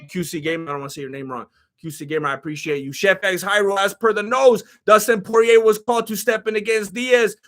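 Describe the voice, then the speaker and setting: A man doing casual, jokey live-stream commentary on fight news and thanking chat members. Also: high voice. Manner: animated, jokey, reads chat donations aloud.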